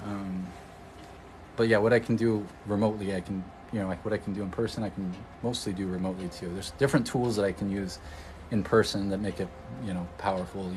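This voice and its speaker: A man's voice: medium pitch, a little hiss or hum, low-quality recording. A man from Oregon, an energy healer, chatting casually on a livestream, rambling and answering viewer comments. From Oregon, USA.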